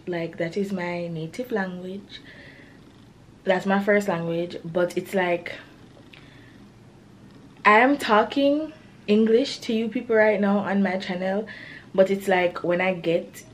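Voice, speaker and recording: A woman's voice: mid-range voice, a little hiss or hum. A young woman, a college student, chatting casually to camera in a vlog, full of "like" and a little self-conscious. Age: young adult. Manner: chatty, peppered with "like".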